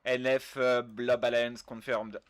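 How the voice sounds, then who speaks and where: Speaking unhurriedly in a flat, medium-pitched voice, this man from France has a French accent and a clean studio sound with no echo. On his game stream he chats casually, reads viewer messages aloud, curses a lot, and mocks himself in a relaxed way.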